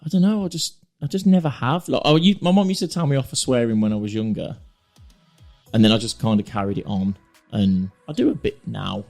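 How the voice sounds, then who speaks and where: A man's voice: medium pitch, brisk, creaky, darkish tone, soft background music. A young man co-hosting a podcast, chatty and easily amused. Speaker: podcast co-host. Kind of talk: casual podcast chat.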